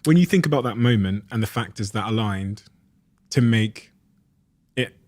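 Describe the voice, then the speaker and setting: A man's voice: lowish voice, animated, moderate pace, a little mellow. A man hosting a podcast interview, asking thoughtful, probing questions. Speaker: podcast host.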